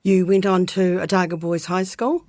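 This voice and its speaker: Woman podcast host, low-ish voice, scripted intros and questions, dry close sound. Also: level tone, moderate pace, a little mellow, dry recording. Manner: reads prepared introductions and questions.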